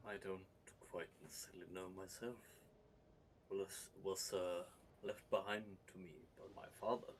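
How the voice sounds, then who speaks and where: A man voicing a stoic, devout servant of the Emperor in a put-on accent, speaking slowly and solemnly. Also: sits low, steady tone, lightly acted. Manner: solemn, slow, quiet. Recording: faint background noise.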